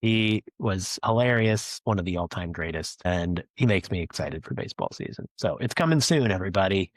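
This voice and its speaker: A male podcast host with a low voice, speaking earnestly and with upbeat emphasis. He sounds close and dry, recorded from his office with no room echo. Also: expressive, a little fast. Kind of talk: policy podcast discussion. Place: home office.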